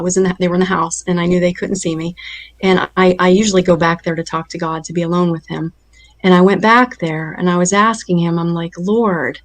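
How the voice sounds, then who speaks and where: A woman guest on an interview show, earnestly telling a personal faith story with emotional recall. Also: on the low side.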